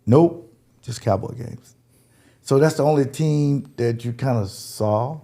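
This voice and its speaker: Gravelly man. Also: mid-range voice, slow. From Jacksonville, Florida. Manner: lively, laughing, swings between loud and quiet. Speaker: guest, former football player. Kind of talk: animated storytelling.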